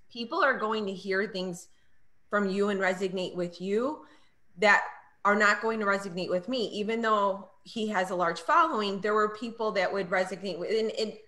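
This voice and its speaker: This middle-aged woman trains people in network marketing and chats casually as an interview guest. Her mid-range voice is bright and forceful as she tells stories and performs her old lines.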